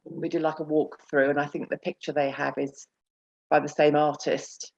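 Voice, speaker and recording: A woman's voice: deep voice, little pitch movement, moderate pace, creaky, darkish tone, highs cut off. A woman on a church video call, chatty and laughing easily as she shares memories. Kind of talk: casual chat.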